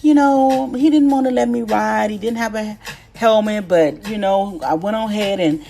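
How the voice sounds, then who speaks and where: A woman's voice: medium pitch, normal speed, gravelly, mellow, natural voice. A woman voicing her young adult daughter in a raised, casual and upbeat way while retelling a dream.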